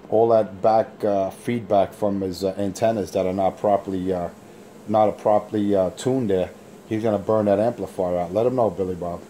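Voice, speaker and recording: A man trash-talking rivals over a handheld radio mic, boasting and taunting in a slow drawl. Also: lowish voice, dark tone, slight background noise. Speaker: CB radio operator. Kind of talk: on-air radio banter.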